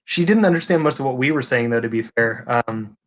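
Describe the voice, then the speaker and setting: A man's voice: medium pitch, animated, a little fast, slight background noise. A man with a Californian accent hosting a livestream chat, rambling with many restarts and casual swearing. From California, USA. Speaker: livestream host.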